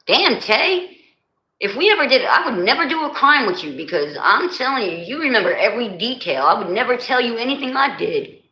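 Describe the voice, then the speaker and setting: A woman's voice: a little high, sing-song, fairly quick, pushed and bright. A woman hosting a live stream, chatting casually with viewers, teasing them and laughing often. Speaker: livestream host. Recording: echoey room.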